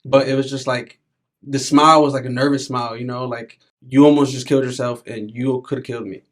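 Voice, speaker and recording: A man's voice: medium pitch, fairly even intonation, fairly quick. A man in his thirties, a podcast guest speaking candidly and reflectively in casual conversation, with frequent filler words.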